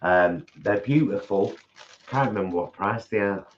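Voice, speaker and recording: A man's voice: fairly low pitch, normal speed, muffled recording, slight background noise. A man co-hosting a casual live food chat from his home kitchen, rambling and restarting his sentences. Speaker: co-host of a vegan food channel.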